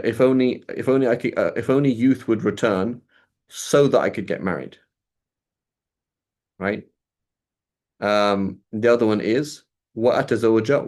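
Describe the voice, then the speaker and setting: A man's voice: on the low side, a little mellow. A man teaching Arabic grammar to a small group over a video call, explaining step by step and checking in with a frequent "right?".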